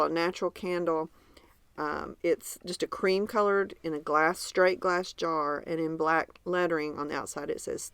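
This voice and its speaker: Gravelly low Southern woman, chatty. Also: no echo. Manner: chatty, enthusiastic, describes gifts in detail. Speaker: podcast co-host. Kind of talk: casual podcast chat.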